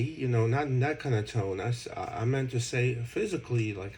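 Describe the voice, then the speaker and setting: A man talks to camera in a middle-pitched voice, working through a long explanation to an old friend. He restarts sentences and leans on fillers. A faint hiss sits under the recording. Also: lively intonation, moderate pace, a little mellow, rough recording. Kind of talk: casual monologue addressed to an old friend.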